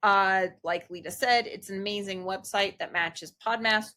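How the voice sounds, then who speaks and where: Easygoing bright-voiced middle-aged woman. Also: medium pitch, moderate pace. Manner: chatty, explaining, easygoing. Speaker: podcast co-host, mother. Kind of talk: casual chat.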